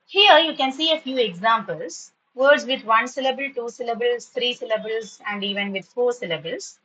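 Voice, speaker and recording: A woman teaching an online English class, patiently spelling words and repeating them slowly. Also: on the high side, a bit bright, low-quality recording.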